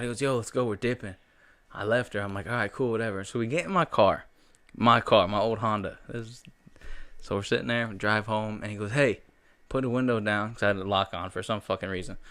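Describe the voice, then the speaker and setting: A man's voice: fairly low pitch, fast, a bit bright, no echo. A man in his thirties, a podcast co-host telling a crude story in a brash, profane way. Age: 30s. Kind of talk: casual chat, crude storytelling.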